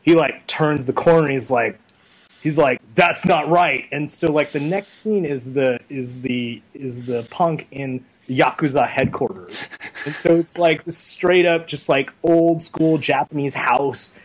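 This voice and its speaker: A young man being interviewed, chatting casually and telling stories in a rambling, animated way full of fillers. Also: medium pitch, measured pace, slightly rough, rough recording. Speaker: interview guest. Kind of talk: casual chat.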